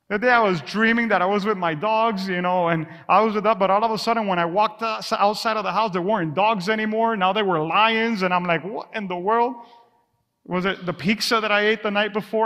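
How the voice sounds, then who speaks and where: A man's voice: high voice, a little fast, pushed and bright. A man preaching a sermon as pastor of his church, passionate and conversational, sometimes dropping his voice to a whisper. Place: church sanctuary. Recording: long reverb of a church hall.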